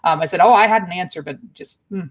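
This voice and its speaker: A woman's voice: on the low side, fast talker. Woman streamer ranting off the cuff, lots of restarts, gets worked up. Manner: thinks aloud with restarts, gets heated and emphatic. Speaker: streamer commenting on news. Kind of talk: unscripted live-stream commentary.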